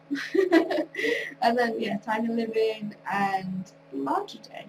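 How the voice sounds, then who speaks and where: A woman with a fairly high, nasal voice, still getting over a cold and a bit tired, chats and rambles through her gameplay commentary with easy laughs. She sits well back from the microphone, and a steady electrical hum runs clearly under everything. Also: slow pace. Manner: rambling, chatty, laughs often. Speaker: video creator. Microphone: wrong mic, far from speaker. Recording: distant mic with clear hum.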